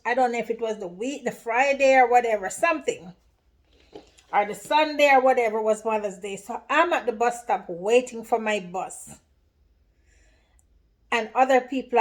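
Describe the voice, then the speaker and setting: A woman talks straight to her viewers in a casual vlog, her voice sitting a little high. She tells her story with lively, emotional energy, leaning into phrases like "let me tell you" as she builds it up. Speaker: vlogger.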